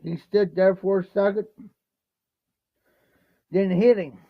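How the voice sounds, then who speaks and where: A man's voice: high voice, steady tone, slow pace, no room sound, highs cut off. A man from Ohio livestreaming from home, telling a rambling, repetitive folksy story and mixing drinks. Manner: rambling, repetitive, folksy, keeps saying "no joke". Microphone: phone livestream.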